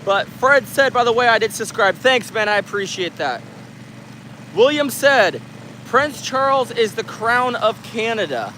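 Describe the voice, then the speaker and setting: A man from the United States reads his livestream chat aloud outdoors, joking and laughing in a casual live exchange. His very high-pitched voice is expressive, bright, and forceful at a measured pace, recorded on a handheld camera mic with slight background noise.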